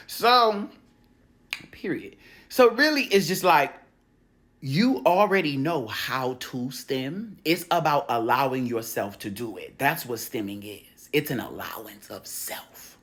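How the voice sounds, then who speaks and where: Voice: medium pitch, animated, slow pace, fairly bright tone. Brief: loose, profane spiritual coach with street slang, laughs a lot and acts out scenes. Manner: tells stories acting out quoted voices. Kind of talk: casual spiritual coaching talk.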